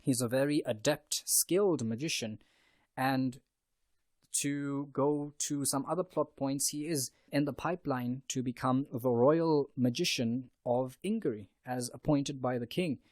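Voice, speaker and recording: A man's voice: mid-range voice, measured pace, darkish tone, no room sound, studio quality. A man hosting a podcast, discussing a novel in an earnest, discursive way with frequent restarts. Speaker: podcast host. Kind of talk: book review discussion.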